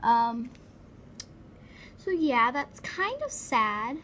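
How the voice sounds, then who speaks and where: A woman's voice: a little high, sing-song, very slow, fairly bright tone, a little hiss or hum. A woman giving casual game commentary, chatty and giggly, full of dramatic exclamations. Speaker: gameplay commentator.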